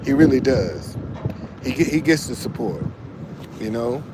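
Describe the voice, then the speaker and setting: A man's voice: medium pitch, very animated, a little slow, noisy background. A man giving casual, preachy motivational talk, repeating phrases and restarting often, and answering viewers as he goes. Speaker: online commentator.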